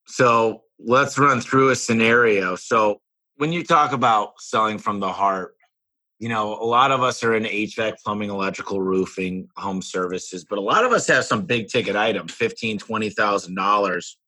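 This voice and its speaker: Male podcast host, mid-pitched, very bright and forward tone, dry close mic, easygoing. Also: normal speed, no echo, low-quality recording. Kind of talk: casual interview.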